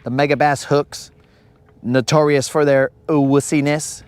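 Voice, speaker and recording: A man's voice: a little high, flat delivery, a little slow, darkish tone, smooth, no room sound. A man hosting a live fishing stream from a boat outdoors, rambling and joking in slang. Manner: slangy, rambling, joking, says bro a lot. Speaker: fishing livestream host. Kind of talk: casual live-stream banter.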